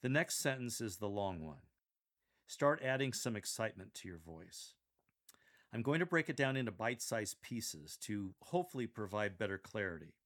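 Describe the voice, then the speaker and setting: A man coaching church lectors, explaining and demonstrating how to read a scripture passage in a measured, explanatory way. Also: fairly low pitch, big pitch swings, a bit bright. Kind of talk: instructional coaching on scripture reading.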